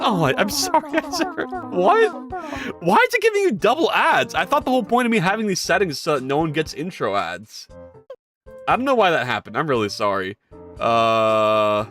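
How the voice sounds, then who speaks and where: Excitable, swearing game-dev streamer. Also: medium pitch. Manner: excitable, swears, self-deprecating; talks to chat, greets viewers by name. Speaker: game developer livestreamer. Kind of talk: casual livestream chat.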